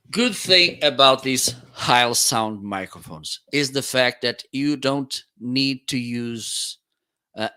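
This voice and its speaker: Testing studio mics on a boom arm during a live product demo, this reviewer speaks in a slow, bright, mid-range voice. His manner is relaxed and explanatory as he tries each microphone on air.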